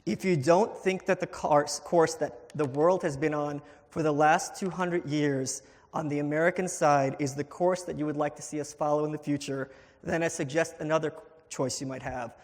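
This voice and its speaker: A man making his case at a live debate, combative with a sardonic edge. His voice sits slightly high. A long hall reverb trails every phrase. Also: fairly even intonation, normal speed. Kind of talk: live debate closing statement. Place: event hall before an audience.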